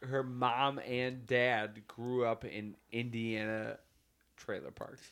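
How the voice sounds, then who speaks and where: A man's voice: medium pitch, fairly even intonation, slow pace, a bit bright, smooth. A man co-hosting a podcast, chatting casually in a laid-back, profane, rambling way. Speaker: podcast co-host. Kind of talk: casual chat.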